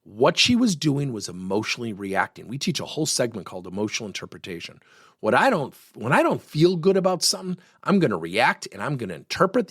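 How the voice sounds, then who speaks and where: A middle-aged man giving a workplace coaching lesson, telling stories and acting out the dialogue with lively energy. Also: mid-range voice, quick pace, slightly rough, dry recording, studio quality. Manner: animated, acts out quoted dialogue.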